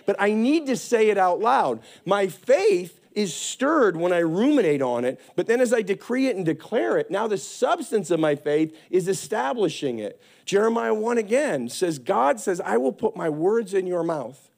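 A man preaching a sermon, intense and animated, with sudden loud rises. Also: high voice, normal speed, vocal fry, few pauses.

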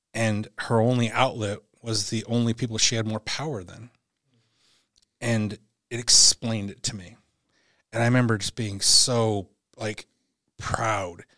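A man's voice: on the low side, bright, forceful tone, dry recording, studio quality. A middle-aged man, a former Navy SEAL, speaking as a podcast guest. He tells a personal story candidly and bluntly, with profanity, and acts out the dialogue he quotes.

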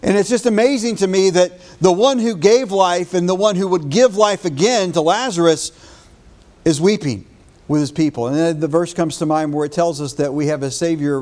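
A man's voice: on the high side, a little mellow. A man preaching a morning sermon as pastor, retelling a scripture story in an earnest way with small restarts.

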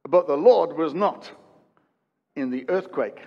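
A pastor in his fifties preaching a sermon, swinging from loud emphatic peaks to hushed quiet and repeating phrases for emphasis. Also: fairly high pitch, unhurried, pauses often, in a large hall, dull audio. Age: 50s. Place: church.

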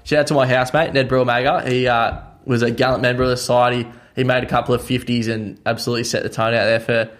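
A man's voice: mid-range voice, little pitch movement, fast, few pauses. Laid-back young Australian man. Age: young adult. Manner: laid-back, joking banter. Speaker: podcast co-host. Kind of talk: casual sports chat.

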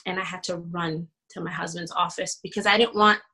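Pastor's wife guest, bright tone, candid and emotional storytelling. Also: female voice, fairly low pitch, a little fast, breathy edge, rough recording. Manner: emotional, animated retelling with laughs and quoted dialogue.

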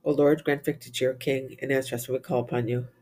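A man reciting the Divine Office, reading psalms and lessons in English with Latin responses, in a steady, even recitation. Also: medium pitch, quick pace. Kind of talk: reciting liturgical prayer and psalms.

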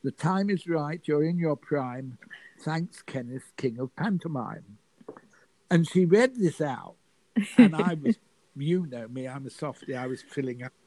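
An older man, a guest telling a lively showbiz anecdote and acting out the voices in it. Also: fairly high pitch, a little slow, no echo, low-quality recording. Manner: lively, acts out the voices in his stories. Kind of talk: storytelling anecdote.

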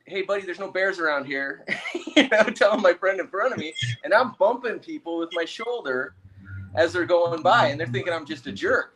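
Male interview guest, motivational speaker, slightly high voice, animated storyteller. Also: background noise. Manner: animated anecdote told with laughter.

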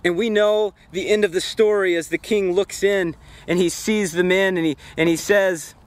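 A man's voice: high voice, steady tone, normal speed, no echo. A man giving a devotional Bible study outdoors by a campfire, speaking earnestly and reflectively and putting direct questions to his listeners. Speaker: Bible teacher.

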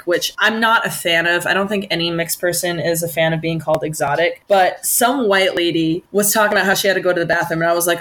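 Young woman co-host, low-pitched, animated storyteller in casual chat. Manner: animated, acts out quoted people.

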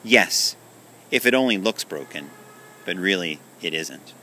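A man voicing a dreamy, wishful little boy in a storybook reading, his voice lifted higher and eager. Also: lively intonation, unhurried, sharp tone, slight background noise, full character voice. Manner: eager, raised and wondering.

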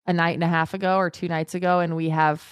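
Sarcastic woman co-host, blunt, slightly low voice, dry sound. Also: little pitch movement, quick pace, clear, resonant tone, no room sound. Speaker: podcast co-host. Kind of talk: casual chat.

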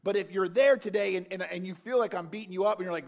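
A man preaching a sermon, animated, swinging from loud calls to quiet, earnest talk. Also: high-pitched, fast, gravelly, few pauses. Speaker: pastor.

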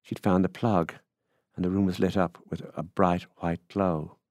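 A man reading a literary short story aloud in a measured, unhurried way. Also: deep voice, flat delivery, a little mellow, no room sound.

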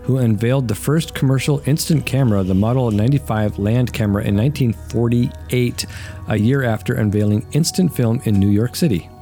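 A man's voice: mid-range voice, fairly quick, dark tone, soft background music. A man co-hosting a casual podcast, asking questions and reading facts he has looked up. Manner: chimes in with questions and looks things up. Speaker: podcast co-host. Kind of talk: casual chat.

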